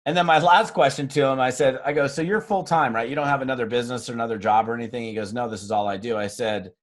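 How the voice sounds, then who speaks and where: Animated middle-aged man coaching a sales team. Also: medium pitch, fast talker. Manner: animated storyteller acting out dialogue, jokey asides; self-mocking humor. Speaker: network marketing trainer. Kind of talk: motivational team training talk.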